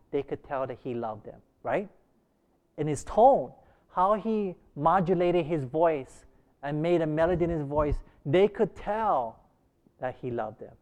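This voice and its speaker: Questioning male Bible teacher, fairly high voice. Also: darkish tone. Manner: asks the class questions, frequent restarts. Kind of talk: interactive preaching class.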